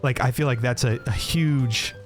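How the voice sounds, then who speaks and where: A man's voice: medium pitch, normal speed, soft background music. A young American man streaming a game, chatting with viewers in a rambling, laughing way and swearing freely. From United States. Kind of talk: casual chat with viewers while gaming.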